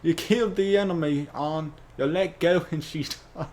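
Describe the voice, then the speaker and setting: Man voicing a goofy cartoon frog, fake Aussie twang, bumbling toast, raised pitch, louder. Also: normal speed, natural voice. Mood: blundering. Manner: fake Australian twang, blurting awkward lines.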